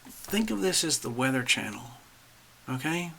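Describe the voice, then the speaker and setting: Chatty gravelly-voiced man hosting a livestream. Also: medium pitch, unhurried, slight background noise. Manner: chatty, animated, addresses viewers directly. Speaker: astrology livestream host. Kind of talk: casual live-stream chat while drawing charts.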